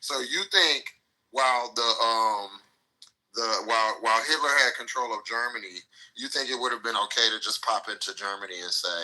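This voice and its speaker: Mocking man with a low, bright voice. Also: fairly even intonation, a little fast, poor audio. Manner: mocking, street slang, swears. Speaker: American participant in a live audio chat. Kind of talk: heated live-stream debate.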